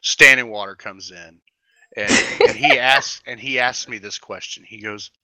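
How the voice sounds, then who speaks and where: A man's voice: lowish voice, normal speed, sharp tone. A man casually retelling a roleplay game session, acting out the other characters' lines.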